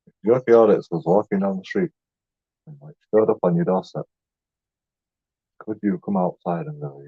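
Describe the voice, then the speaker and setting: Husky man rambling. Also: low voice, wildly swooping pitch, normal speed, long pauses, dry recording. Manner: boastful, jokey, swears and laughs often. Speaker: YouTube auditor vlogger. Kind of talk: casual rambling monologue. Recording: dull lo-fi dry sound.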